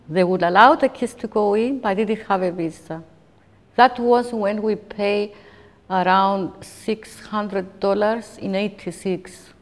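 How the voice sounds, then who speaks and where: Emotional woman in her fifties, reverberant hall. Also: mid-range voice. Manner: halting, emotional retelling with frequent restarts. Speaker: interviewee recounting a personal ordeal. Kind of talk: documentary interview testimony.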